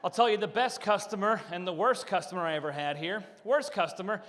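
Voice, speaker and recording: A man's voice: high-pitched, brisk, long reverb tail, noisy background. A man performing a stand-up comedy set, telling stories with punchy asides and acting out what people said. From Philadelphia area. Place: country club room, live audience.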